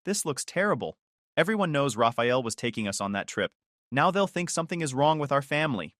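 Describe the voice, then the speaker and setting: A man's voice: medium pitch, sing-song, a little fast, a bit bright, no echo, clean studio sound. A man voicing an anxious middle-aged mother who frets about the bills. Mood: whispering. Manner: fretful.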